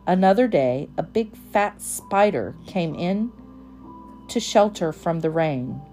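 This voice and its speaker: A woman narrating a children's storybook in a gentle, measured manner. She reads very slowly in a lowish, mellow voice. Soft music plays faintly behind her. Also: expressive. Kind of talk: storybook read-aloud narration.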